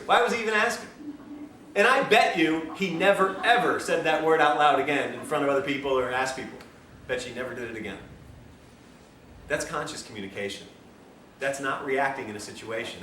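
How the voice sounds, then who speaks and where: A man with a mid-range voice and sharp tone gives a health lecture to a live class, telling stories, acting out dialogue and laughing often. He's in an echoey lecture room, recorded by a distant mic with faint hiss.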